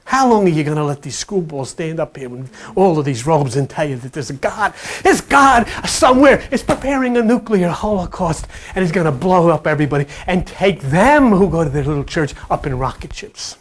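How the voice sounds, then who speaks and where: A preacher giving an impassioned sermon, blunt and repetitive, swinging from low murmurs to sudden loud outbursts. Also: lively intonation, a little fast, hardly any pauses. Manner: blunt, repetitive, earthy slang.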